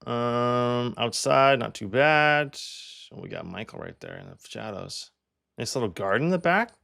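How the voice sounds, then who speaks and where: A man's voice: medium pitch, sing-song, measured pace, vocal fry, a bit bright. A young man from Canada, a real estate agent, chatting casually as he walks through home listings and thinks aloud with plenty of fillers.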